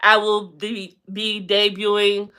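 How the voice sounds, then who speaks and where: A woman's voice: completely flat delivery, takes it slowly, sharp tone, clean tone. A woman hosting a casual live stream, chatting bluntly and sassily about celebrity and reality TV gossip and calling out to viewers. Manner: sassy and blunt, with big pitch swings. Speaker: livestream host.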